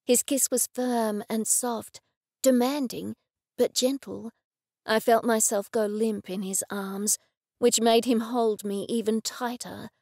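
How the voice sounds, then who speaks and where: A woman audiobook narrator telling a first-person story with expressive, intimate delivery. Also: fairly high pitch, slow, no room sound, clean studio sound.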